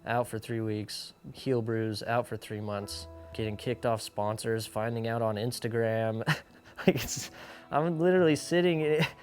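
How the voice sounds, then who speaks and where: Over soft background music, a young man who skates professionally shares his own story openly, his medium-pitched voice moving a little slowly. He sprinkles "like" everywhere, uses plenty of slang, and performs other people's lines as he quotes them.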